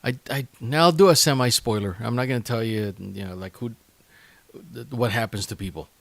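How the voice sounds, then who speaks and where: Male podcast host, mid-range voice, halting and chatty delivery, dry recording. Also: mid-range voice, vocal fry, no room sound. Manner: halting, many fillers and restarts; chatty and enthusiastic. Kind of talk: casual solo podcast talk.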